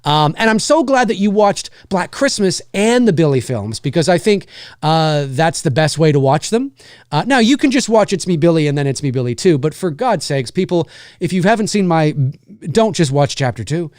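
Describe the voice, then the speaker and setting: A man's voice: a little high, very animated, moderate pace, darkish tone, dry recording, clean studio sound. A man hosting a live stream, chatting casually about films and answering viewers in a rambling, self-correcting way. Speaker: livestream host and indie filmmaker.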